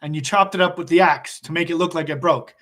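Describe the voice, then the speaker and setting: A man voicing a middle-aged father in a told story, speaking low and matter-of-fact. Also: fast talker, a bit bright, close to an everyday voice. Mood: knowing. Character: stern but scheming middle-aged father.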